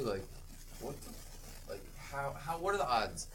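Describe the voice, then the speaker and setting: A man's voice: mid-range voice, sing-song, a bit bright, a little hiss or hum. A young man co-hosting a movie podcast, ranting sarcastically and swearing freely as he retells scenes. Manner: rapid, profane, sarcastic retelling. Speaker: podcast co-host. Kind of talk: casual movie review chat.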